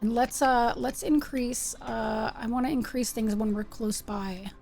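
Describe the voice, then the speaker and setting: Woman streamer, playful running chatter over a game, higher voice, faint music behind. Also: fairly even intonation, measured pace, gravelly, darkish tone. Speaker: live-stream host. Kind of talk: casual live-stream chat while gaming.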